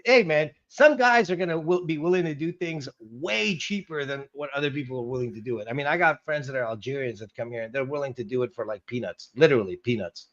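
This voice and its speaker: A man's voice: mid-range voice, expressive, quick pace, fairly bright tone. A man co-hosting in casual banter, laughing often and stumbling over restarts as he jokes. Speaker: guest co-host. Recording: dull lo-fi sound.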